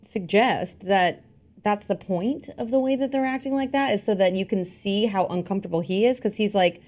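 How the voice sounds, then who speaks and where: A woman's voice: medium pitch, normal speed. Chatty woman podcast co-host. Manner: chatty, animated, acts out quotes. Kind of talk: casual film discussion.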